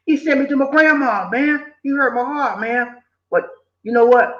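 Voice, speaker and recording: At normal speed and very high-pitched, an older Southern man vlogs life advice in a casual, preachy, motivational way. Animated and repetitive, he slips in quoted voices, heard through an echoey, dull lo-fi recording.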